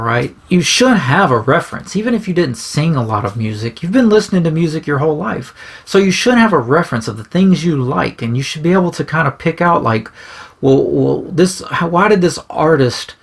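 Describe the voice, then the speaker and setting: A man's voice: medium pitch, vocal fry, a bit bright, breathy edge. A man explaining how he writes songs in a casual, rambling way, often checking in with "right?" and restarting phrases. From grew up singing bluegrass in churches. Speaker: songwriter. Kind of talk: casual explanatory talk to camera.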